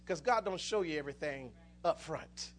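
A man's voice: on the high side, lively intonation, moderate pace, a bit bright. A man preaching a sermon, telling stories with many restarts and rising into fervent exclamations.

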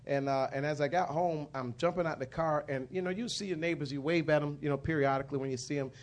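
A man's voice: fairly high pitch, quick pace. A middle-aged man, giving a rambling personal testimony as a minister, with many restarts and fillers.

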